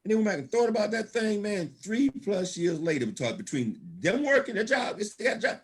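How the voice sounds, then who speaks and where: This man has a high, husky voice that swings widely in pitch, and he talks a little fast. As guest speaker at a business opportunity event, he delivers a motivational storytelling talk with frequent laughter and folksy, preacher-like shouts of praise.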